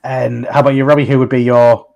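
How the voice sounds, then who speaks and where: A man's voice: medium pitch, little pitch movement, fast talker, creaky, muffled recording. A man hosting a casual podcast chat, telling stories in a rambling, chatty way. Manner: chatty storyteller, frequent restarts and laughs. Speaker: podcast host.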